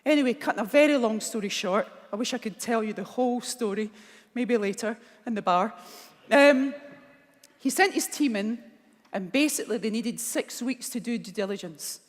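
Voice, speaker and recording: A Glaswegian woman from Scotland, with a highish voice and moderate pace, gives a motivational keynote speech. She tells a personal story candidly and emotionally, and the large conference hall adds a long reverb.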